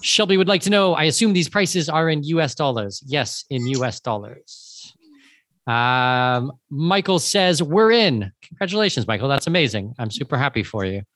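A man's voice: on the high side, lively intonation, normal speed, fairly bright tone, no room sound, clean studio sound. A man from Canada hosting a webinar, reading out audience questions in an upbeat way. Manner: upbeat, reads questions aloud. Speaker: host.

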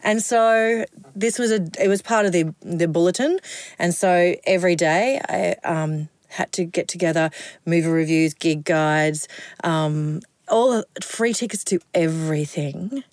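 A middle-aged Australian woman, a broadcaster, telling lively anecdotes in a casual interview, often laughing between lines. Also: lowish voice, measured pace, no room sound.

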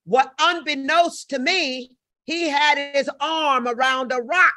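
An older woman with a bright, forceful voice spins wild stories in blunt, profane bursts. She gets loud and animated as she talks, and her voice is recorded close and dry with no room sound. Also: high-pitched, slow pace, no echo. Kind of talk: casual storytelling chat.

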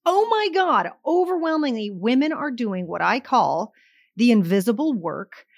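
A woman's voice: a little high, sing-song, a little slow, dry recording, clean studio sound. A middle-aged woman on a podcast, talking emphatically and telling stories with acted-out quotes. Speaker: podcast guest, sales coach. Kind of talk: podcast conversation.

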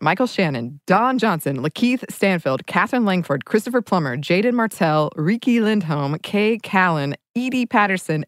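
A woman's voice: on the low side, no room sound, clean studio sound. A woman co-hosting a podcast in casual chat, chatty and often laughing as she talks. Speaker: podcast co-host.

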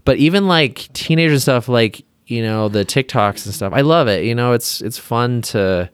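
A man's voice: medium pitch, lively intonation, normal speed, clean tone, no echo, clean studio sound. A man who is a plastic surgeon, chatting casually as a podcast guest, talking in loose rambling sentences full of fillers and openly emotional. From Utah, US.

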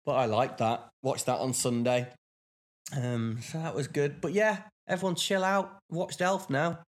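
A man's voice: fairly high pitch, fairly even intonation, unhurried. A man co-hosting a podcast, chatting casually with lots of fillers and restarts. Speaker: podcast co-host. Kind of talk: casual chat.

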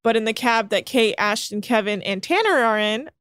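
A young woman with a fairly high voice, animatedly recapping a reality show on a casual podcast. She retells the scenes and acts out what each person said, and the sound is close and dry with no room around it. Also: moderate pace, smooth, no room sound. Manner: animated storytelling with quoted voices. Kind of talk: casual chat.

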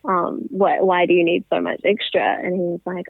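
A woman's voice: on the low side, little pitch movement, a little fast, gravelly, no echo. A woman in her twenties, a guest telling her story in a casual interview, with lots of "like" and "um". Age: 20s. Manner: chatty, many likes and ums. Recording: tinny phone line.

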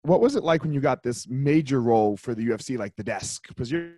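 A man's voice: medium pitch, expressive, brisk, mellow, no room sound, clean studio sound. A man hosting a podcast, chatting casually with lots of "like" and "man". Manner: conversational, frequent "like" and "man". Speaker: podcast host. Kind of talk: casual interview chat.

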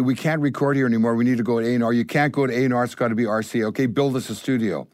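An older Canadian man, a guest musician, telling stories in an animated way and acting out the voices of the people in them. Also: medium pitch, dry recording. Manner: acts out voices in his stories. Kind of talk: animated storytelling.

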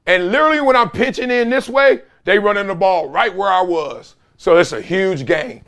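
A man hosting a sports talk show, telling stories in animated, slangy casual commentary on a close mic. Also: high voice, normal speed, hardly any pauses. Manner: animated, slangy storytelling with laughs.

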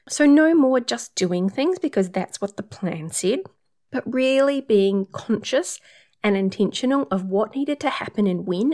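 A woman's voice: mid-range voice, darkish tone. A woman working as a period coach, talking through numbered tips in an upbeat, casual advice monologue.

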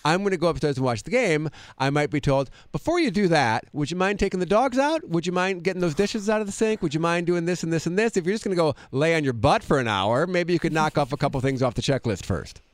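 A man taking part as a guest in a casual chat, telling family stories in a quick, animated way. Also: on the high side, no echo.

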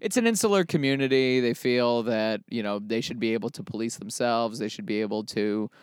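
A man's voice: mid-range voice, brisk, clean tone, no echo, studio quality. A man with a New York accent appearing as a guest correspondent, speaking in a wry, hesitant way and often repeating his words. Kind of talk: casual comedic chat.

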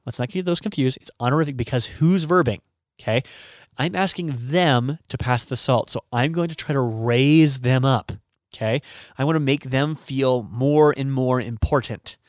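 A man's voice: mid-range voice, no room sound, clean studio sound. A man giving a casual video lesson as a language teacher, chatty and laughing at his own jokes.

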